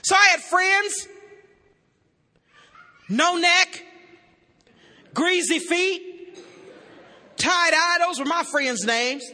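A woman giving a humorous testimony to an audience as a recovery meeting speaker, animated and joking with bursts of shouting. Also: very high-pitched, drawn-out words, long pauses. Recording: echoey hall.

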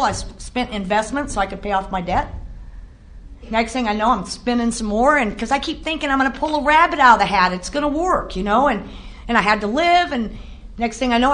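A woman's voice: on the high side, fairly bright tone. A middle-aged woman giving a candid, self-mocking personal testimony at a recovery meeting, often laughing at herself.

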